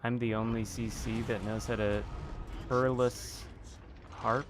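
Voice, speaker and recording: A man's voice: fairly low pitch, little pitch movement, normal speed, noisy background. A man giving casual commentary over a video game, chatting and muttering asides to himself as he plays. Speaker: gaming video host.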